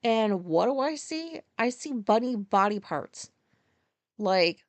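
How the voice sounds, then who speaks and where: A woman's voice: fairly high pitch, expressive, measured pace, fairly bright tone, dry recording. A woman in her forties hosting a casual solo podcast, telling stories candidly, ranting and swearing freely. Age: 40s. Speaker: podcast host.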